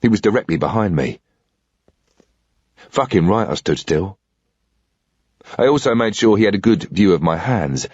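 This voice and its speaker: A husky man reads a thriller audiobook in a tense, matter-of-fact voice. His pitch is lowish but rises and falls a lot. The sound is dry and a bit dull. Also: expressive, normal speed, pauses often, darkish tone, dry recording. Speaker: audiobook reader. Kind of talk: scripted audiobook narration of a thriller.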